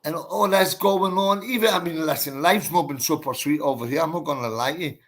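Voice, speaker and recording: A man's voice: a little high, fairly quick, a bit bright. A man, a boxer telling his story in a casual interview, blunt and emphatic, swearing and calling the listener mate and bro.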